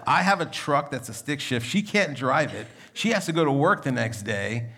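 A young adult male pastor preaching a sermon in a conversational, storytelling manner, with a gravelly voice. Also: mid-range voice, expressive, moderate pace, fairly bright tone.

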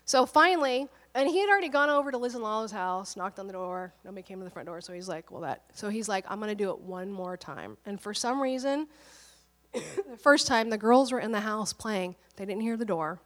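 A woman pastor in her thirties, slightly hoarse from a cold, telling a personal story in an animated, candid sermon. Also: medium pitch, fairly quick, long reverb tail.

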